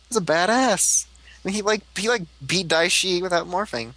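Bright, excitable young-sounding man. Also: sits high, normal speed, no echo. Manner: enthusiastic, laughing often, acts out quotes. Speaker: podcast co-host. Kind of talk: casual fan chat.

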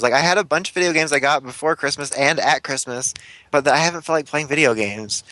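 A young man co-hosting a casual podcast chat, with a bright, forward voice. He jokes and laughs easily and speeds up in bursts. The sound is close and dry, with no room around it. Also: mid-range voice, no echo, low-quality recording. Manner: chatty and joking, laughs often, speaks in quick bursts. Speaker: podcast co-host.

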